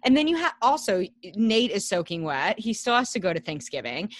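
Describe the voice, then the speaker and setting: A woman's voice: mid-range voice, sing-song, brisk, no echo, studio quality. A young adult woman co-hosting a podcast, chatting casually about a TV episode, swearing freely and acting out characters' lines. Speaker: podcast co-host. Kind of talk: casual chat recapping a TV episode.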